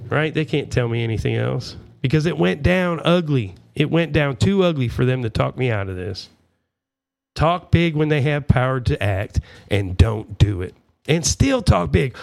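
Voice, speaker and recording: A gravelly-voiced man delivers an angry, profane political rant packed with sarcastic asides, rambling and using fillers. His pitch sits in an ordinary middle range, and he is expressive and unhurried.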